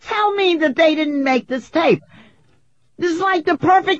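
A woman in her sixties with a New York accent, hosting a radio talk show in a brash, incredulous, quick-tongued manner. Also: very high-pitched. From Queens, New York. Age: 60s. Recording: dull radio broadcast audio.

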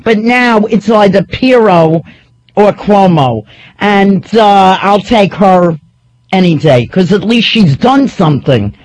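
A woman's voice: medium pitch, lively intonation, takes it slowly, a little mellow, poor audio. A woman hosting a talk radio show, delivering a sarcastic, rambling, opinionated monologue.

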